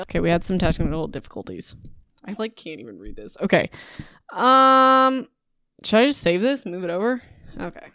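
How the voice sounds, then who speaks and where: Giggly woman host rambling casually, keeps cracking up, mid pitch, dead dry mic. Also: a bit bright, no room sound. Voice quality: giggly, keeps breaking into laughter. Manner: scattered, self-interrupting, restarts. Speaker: podcast host. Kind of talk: casual chat, bloopers. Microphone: desk mic close by.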